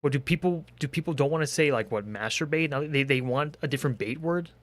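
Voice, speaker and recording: A man's voice: a little high, fast talker, no echo. A young man in a comedic rant, exasperated and profane, firing off rhetorical questions. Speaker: commentary creator.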